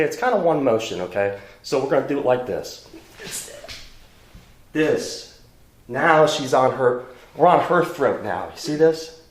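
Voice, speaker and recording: A man's voice: medium pitch, roomy sound. A man teaching self-defense against knives in a casual demonstration lesson, blunt and chatty, often checking in with "okay?".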